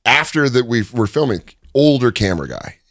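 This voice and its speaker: A man's voice: mid-range voice, a little fast, no echo, studio quality. A man who is a stand-up comedian, telling stories in a casual interview with lots of laughter and energy. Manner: animated, laughing storyteller. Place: recording studio.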